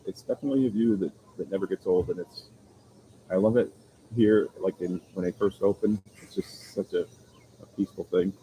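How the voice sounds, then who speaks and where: A man hosting a casual live stream from an outdoor coastal restaurant, chatting with viewers in a relaxed, rambling way. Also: sits low, brisk, a little hiss or hum, low-quality recording. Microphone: phone camera.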